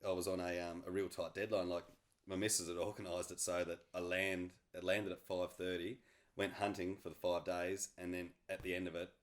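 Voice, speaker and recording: A man from New Zealand, a podcast guest, telling a hunting story in casual chat, animated and often laughing. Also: low-pitched, brisk.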